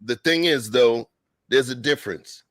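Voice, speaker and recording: A man's voice: mid-range voice, measured pace, a bit bright, no echo. A man co-hosting a talk show, giving emphatic, slangy commentary in a casual chat. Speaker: podcast co-host.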